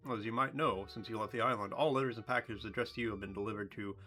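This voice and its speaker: A man voicing a solemn bird-folk chieftain from a video game, reading his lines low and slow. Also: sharp tone, soft background music. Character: deep-voiced bird-folk chieftain, grave and grateful father.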